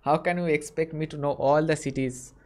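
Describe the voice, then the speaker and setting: A man's voice: a little high, fairly even intonation, brisk. A young man from India with an Indian accent, chatting casually with strangers on a video chat site, friendly, with frequent mm-hmms. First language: not English.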